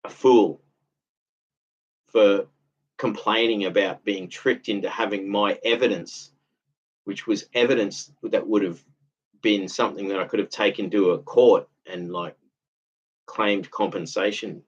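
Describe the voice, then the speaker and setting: A man's voice: on the low side, fairly even intonation, unhurried, long pauses. A man, talking in a rambling, aggrieved monologue that circles back and repeats itself. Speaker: vlogger. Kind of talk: casual monologue. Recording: dull lo-fi audio.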